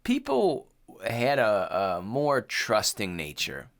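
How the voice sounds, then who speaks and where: A man's voice: lowish voice, wildly swooping pitch, takes it slowly, a bit bright. A man co-hosting a horror movie podcast, chatting casually, laughing often and acting out lines in playful voices. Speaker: podcast co-host. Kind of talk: casual chat.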